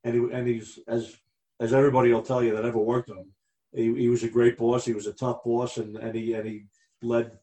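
Man, co-host, plainspoken, warm dark voice, roomy echo. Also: medium pitch, flat delivery, brisk. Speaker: podcast co-host. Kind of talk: casual conversation.

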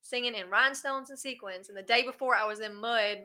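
A woman from South Carolina with a Southern accent, a country singer chatting in an interview, talkative and quick to laugh. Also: fairly high pitch, sharp tone. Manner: chatty, laughs often, drawling. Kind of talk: casual interview chat.

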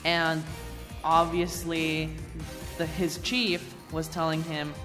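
A co-host casually recapping a video game, excitable and quick to laugh, talking with many fillers. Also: medium pitch, long reverb tail, music in the background.

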